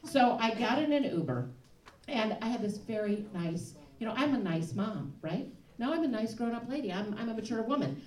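A woman comic in her thirties with a Chicago accent tells her story to a live crowd, her voice leaping up and down as she laughs through the punchlines. The sound is roomy and distant, caught from a stage mic with clear audience noise around it. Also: on the high side, animated, moderate pace, a little mellow. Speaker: stand-up comic. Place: comedy club stage.

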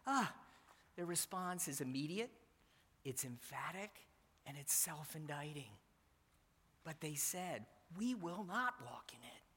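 A man's voice: a little high, a bit bright, husky. Earnest male preacher in echoing church. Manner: earnest, emphatic, repeats key phrases. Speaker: pastor. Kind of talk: sermon. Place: church sanctuary. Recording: church hall reverb.

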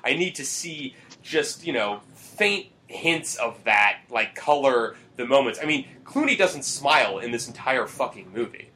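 A man hosts a casual movie podcast, rambling, cursing, and packing his speech with fillers. His mid-range voice is bright and forceful, with lively intonation and an unhurried pace.

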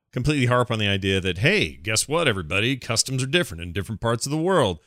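Bright-voiced, easygoing man. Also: lowish voice, no room sound, studio quality. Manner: easygoing, laughs often, asks questions. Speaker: podcast host. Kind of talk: casual chat.

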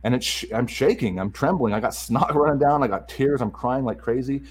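A man candidly telling a personal story, halting and repeating words as he restarts his sentences. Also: medium pitch, husky, poor audio.

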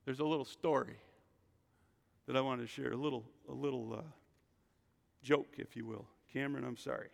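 Male pastor, casual sermon, call-and-response, raspy fry, long hall reverb. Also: medium pitch, fairly even intonation, normal speed, long pauses. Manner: conversational, calls for congregation responses. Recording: echoey hall.

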